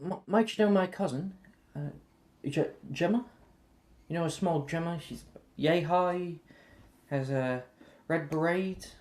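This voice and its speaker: A man's voice: a little high, a little slow, long pauses, darkish tone, voice pushed up, natural voice. A man voicing a chatty young schoolgirl, with an eager, stumbling way of talking. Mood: curious. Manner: eager, rambling, stumbling over words.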